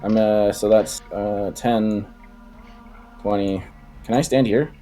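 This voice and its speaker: A man playing a tabletop game counts out his movement, hesitant and unsure. He speaks very slowly in a low, mellow voice. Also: fairly even intonation, faint music behind. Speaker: player.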